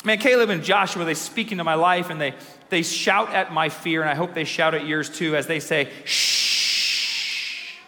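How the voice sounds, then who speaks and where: Man, pastor, emphatic sermon, ringing reverberant church hall, bright tone. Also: fairly high pitch. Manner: energetic, emphatic preaching with dramatic slow pauses.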